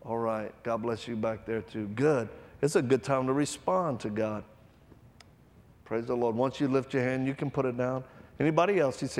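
A man preaching a sermon to a live audience, telling stories with acted-out voices and loud bursts, then leading an altar call. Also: mid-range voice, normal speed, long reverb tail.

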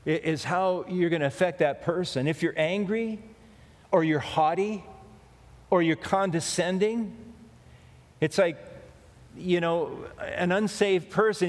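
A pastor giving a conversational sermon, often repeating key phrases for emphasis. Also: male voice, high voice, long reverb tail.

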